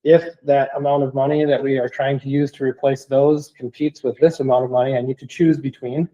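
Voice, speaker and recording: Male tech staffer, mellow tone, measured explanation at a board meeting, lo-fi recording. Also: medium pitch, flat delivery. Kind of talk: answering board questions.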